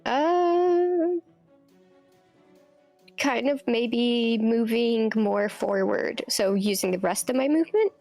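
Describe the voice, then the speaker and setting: A woman player in a tabletop game speaks very slowly and deliberately. Her voice sits slightly high, with faint music underneath. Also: a little mellow. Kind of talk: casual tabletop game play.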